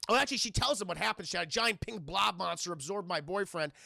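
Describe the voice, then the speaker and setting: A man live-streaming a casual, profane recap of a film to his chat, rambling and acting out scenes in loud voices. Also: sits high, fast, vocal fry, no echo, clean studio sound. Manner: talks to chat, thanks viewers.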